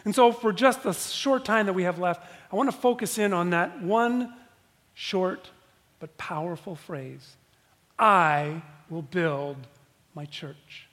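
A man preaches in a church with a very high-pitched voice. He drives his points home by repeating key phrases and pausing for effect. The sound rings with the long reverb of a church hall. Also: lively intonation. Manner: emphatic, repeats key phrases with dramatic pauses. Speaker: pastor. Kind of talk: sermon.

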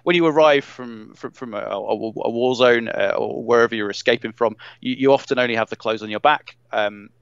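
A man's voice: medium pitch, a little fast, gravelly, hardly any pauses, smooth, no room sound, dull audio. A man as a podcast guest in casual conversation, explaining hesitantly and repeating words.

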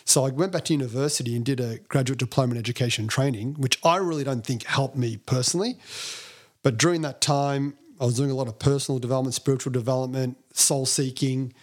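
A man with a husky voice, a podcast guest sharing his story. He is animated and self-deprecating, and he slips into other people's voices as he tells it. His pitch sits in the middle of the usual range for a man. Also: fast. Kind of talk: storytelling interview talk.

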